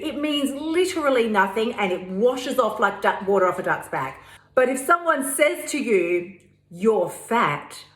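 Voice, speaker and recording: A woman's voice: medium pitch, a bit bright. A woman hosting her own podcast, chatty and frank, with slang and swearing. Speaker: podcast host. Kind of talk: energetic solo podcast talk. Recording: roomy echo.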